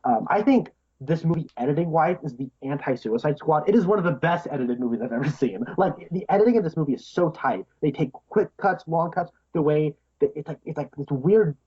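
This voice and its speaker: An eager man talks through a film with a co-host, tumbling over fillers and laughing between thoughts. His voice is a little husky, and the audio is dull and lo-fi. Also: fairly high pitch, animated, fairly quick, few pauses. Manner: enthusiastic, laughs often, many fillers. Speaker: podcast co-host. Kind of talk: casual film discussion.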